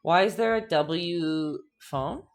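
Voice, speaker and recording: Brief: young woman, low voice, playful live-stream painting teacher, chatty with her viewers. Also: takes it slowly, soft background music. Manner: chatty and playful, reads out chat, giggles often.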